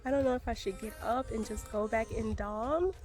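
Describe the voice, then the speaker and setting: A woman's voice: on the high side, steady tone, moderate pace, soft background music. A young woman filming herself outdoors beside her van on a handheld phone, chatting casually and nervously, saying y'all and like a lot. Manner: nervous and breathy, often hushed. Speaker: van life vlogger. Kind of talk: casual vlog talk to camera. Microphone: handheld phone camera.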